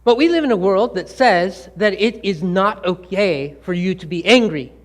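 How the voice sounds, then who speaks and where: A man's voice: high-pitched, lively intonation, moderate pace. A man giving a talk to a live audience, asking them questions and acting out the scolding things people say. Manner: engaging, asks the audience questions and acts out quoted scolding. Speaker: speaker.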